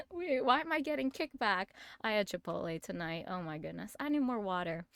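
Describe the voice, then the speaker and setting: A woman's voice: mid-range voice, expressive, moderate pace, gravelly, dry recording. A young woman hosting a casual livestream, talking into a desk mic and laughing often. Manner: giggly, laughs often, sings playfully. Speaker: livestream host. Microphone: desk microphone.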